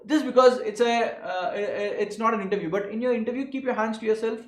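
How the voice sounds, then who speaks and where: A young man with an Indian English accent coaches students for interviews in an animated instructional talk, stressing words as his voice rises and falls. His voice sits high and moves at a quick pace. The recording is rough, with a roomy sound.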